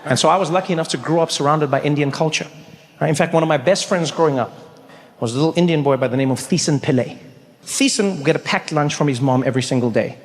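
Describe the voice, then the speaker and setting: On a big theater stage, a middle-aged comedian from South Africa tells stories fast, bringing characters to life with lively delivery and large leaps in pitch. Faint ambience and a long reverb come from the live hall.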